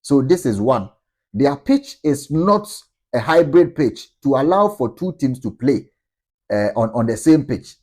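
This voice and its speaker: A man giving measured sports commentary, explaining a situation. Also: medium pitch, very animated, darkish tone. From Ghana.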